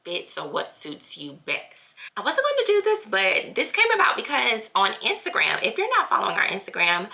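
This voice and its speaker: A woman vlogging at home in a chatty, lively way, full of slang and casual fillers. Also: mid-range voice, gravelly. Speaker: family channel vlogger. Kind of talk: casual chat vlog.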